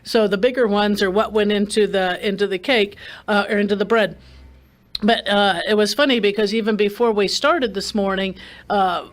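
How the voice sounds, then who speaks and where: A woman's voice: medium pitch, steady tone, normal speed. A woman hosting a gardening radio show, chatting casually with many restarts and fillers.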